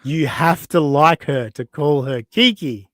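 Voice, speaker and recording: A man's voice: a little high, a little slow, no room sound. A man hosting a podcast, mocking and profane as he reacts to clips in casual chat. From Australia. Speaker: podcast host.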